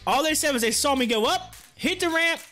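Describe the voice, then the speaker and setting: A man with a very high, bright voice tells a story to his livestream chat. He talks casually, breaks into laughter often and acts out what his friends said. Faint music plays behind him. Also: a little fast. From rural area. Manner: animated, laughing often, acting out quotes. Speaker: livestream host.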